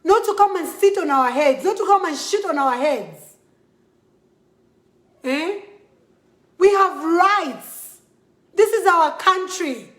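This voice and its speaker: An angry Zambian woman speaks to her followers in a high voice, slowly and emphatically, repeating herself and slipping into a local language. The sound is roomy and echoey. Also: fairly bright tone. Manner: emphatic, repetitive, switching between English and a local language. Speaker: model addressing followers. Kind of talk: impassioned vlog to camera.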